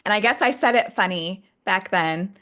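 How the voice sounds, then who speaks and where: A woman's voice: medium pitch, moderate pace, sharp tone. A woman from Texas, raised later in Utah, who is a guest on a planner channel, chatting enthusiastically and laughing often. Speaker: guest, sticker shop owner and planner creator. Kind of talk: casual chat.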